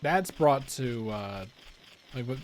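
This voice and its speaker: A man's voice: mid-range voice, animated, takes it slowly, slight background noise. A young man with a Philadelphia accent, rambling casually as he comments on his gameplay, full of fillers and restarts. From Philadelphia, USA. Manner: rambling, musing aloud, many fillers and restarts. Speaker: let's play gamer.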